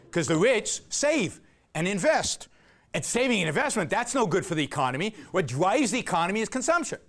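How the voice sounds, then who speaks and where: Sarcastic guy lecturing a crowd, lots of "right?", voice swings way up and down, kinda high. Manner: emphatic, sarcastic, rhetorical questions with frequent "right?". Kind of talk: argumentative lecture.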